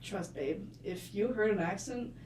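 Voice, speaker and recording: A woman's voice: mid-range voice, measured pace, darkish tone. A chatty young woman with a French accent talks casually as a podcast guest, laughing often and leaning on fillers. Her voice sits in a middle range. The recording is roomy and distant, with faint noise behind her. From France. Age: young adult. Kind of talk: casual chat.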